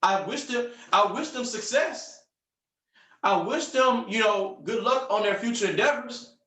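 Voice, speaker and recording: Upbeat male sales coach, high voice, punchy delivery with lots of repetition, recorded off-mic in a roomy space. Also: unhurried, bright, forceful tone, distant mic. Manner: upbeat, punchy, repeats phrases for emphasis. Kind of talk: motivational coaching on a group call.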